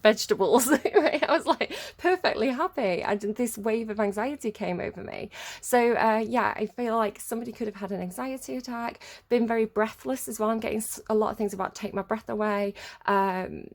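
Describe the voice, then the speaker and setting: A woman's voice: on the high side, normal speed. Chatty woman rambling through a reading. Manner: rambling and chatty, many filler words. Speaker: tarot reader. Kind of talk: casual collective tarot reading.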